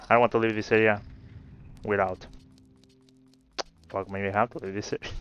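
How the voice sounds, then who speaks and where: A gameplay creator chats through a rambling story during play, easygoing and now and then swearing. He has a lowish voice with a fairly bright, clean tone. The audio is slightly dull, and faint game music can be heard.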